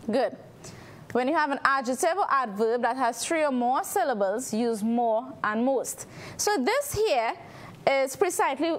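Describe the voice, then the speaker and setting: A woman with a Trinidadian accent teaches a televised classroom lesson in a high, clear register. She explains patiently and keeps asking the viewers at home to try the answers themselves. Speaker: English teacher on a TV lesson show.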